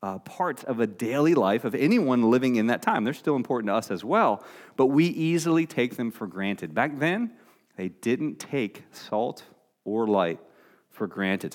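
A man preaching a sermon in a conversational way, often restarting his phrases. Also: medium pitch. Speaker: pastor.

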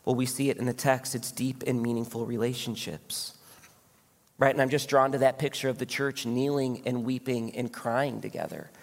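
A man's voice: medium pitch, steady tone, moderate pace, creaky, big-room sound. A man preaching a sermon as a pastor, in an earnest, conversational way full of rhetorical questions. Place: church sanctuary.

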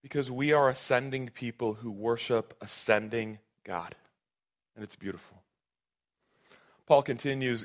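A man's voice: medium pitch, moderate pace, long pauses. A man preaching a sermon to his congregation in an earnest, conversational way, often restarting his phrases. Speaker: pastor.

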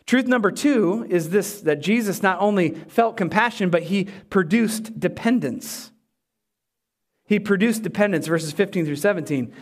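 High-voiced man preaching with animated emphasis. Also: moderate pace. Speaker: pastor. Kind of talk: sermon.

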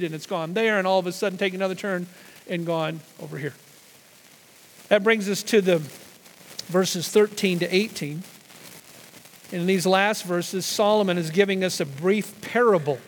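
A man preaches in a high voice, teaching through scripture and leaning hard on the words he wants to stress. His sermon rings with the long reverb of a church hall. He often restarts a phrase before pressing on. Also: a bit bright. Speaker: pastor.

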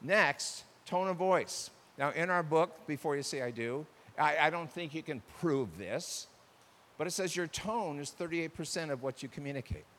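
Animated man preaching in a reverberant hall. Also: a little high, moderate pace. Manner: animated, acts out quoted spouses. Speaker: pastor. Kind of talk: sermon on marriage communication.

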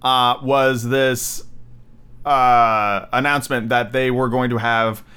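A man's voice: medium pitch, steady tone, slow, sharp tone, clear, resonant tone, faint music behind. A man hosting a casual podcast, reading fairy tales aloud with wry, chatty asides. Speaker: podcast host.

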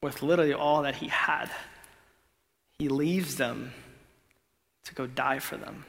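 A man's voice: mid-range voice, a little slow, gravelly, long pauses. Young man preaching in a reverberant hall. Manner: casual youthful preaching, dropping to a hush for emphasis. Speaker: pastor. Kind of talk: sermon.

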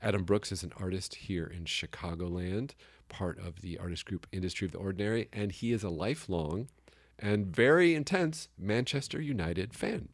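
Low-voiced joking man co-hosting a podcast. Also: moderate pace. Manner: joking, rambling, laughs often. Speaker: podcast co-host. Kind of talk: casual chat. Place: Chicago area.

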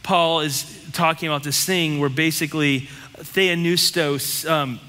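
A man's voice: a little high, fairly even intonation, unhurried, bright, forceful tone, in a large hall. A man preaching a sermon as pastor, talking bluntly and conversationally, with lots of rhetorical questions.

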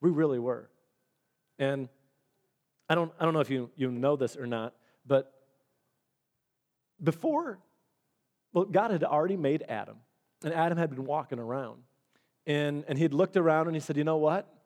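A man's voice: on the high side, animated, normal speed, long pauses, a little mellow. A male pastor preaching a sermon in a chatty storytelling manner, often restarting his sentences. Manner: conversational storytelling with repeated restarts.

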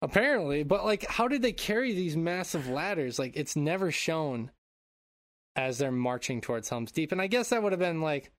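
A man's voice: a little high, dry recording. A man co-hosting a podcast in casual chat, rambling and joking, swearing freely. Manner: rambling, animated, swearing, quick to joke. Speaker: podcast co-host.

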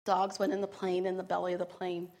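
A woman's voice: fairly low pitch, completely flat delivery, fast talker, darkish tone, long reverb tail. A woman telling her own story in an earnest, emotional way, acting out the voices of the people she quotes. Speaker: storyteller sharing a personal testimony. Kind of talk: personal storytelling.

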